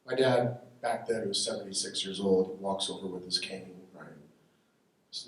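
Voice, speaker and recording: A man's voice: low voice, fairly even intonation, normal speed. A man doing a stand-up comedy set at a live benefit show, telling punchy, irreverent stories. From United States. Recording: echoey hall from far off, faint noise.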